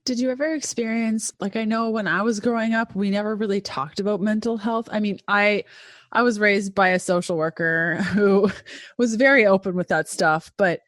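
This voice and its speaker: Woman host, mid-pitched voice, relaxed interviewer, dry studio sound. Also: moderate pace, no room sound. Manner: conversational, sharing before asking. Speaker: podcast host. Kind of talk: interview question.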